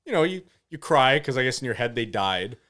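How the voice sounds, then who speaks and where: A man's voice: medium pitch, very animated, brisk, a bit bright. A man co-hosting a casual podcast, laid-back and chuckling as he chats. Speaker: podcast co-host. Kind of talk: casual chat.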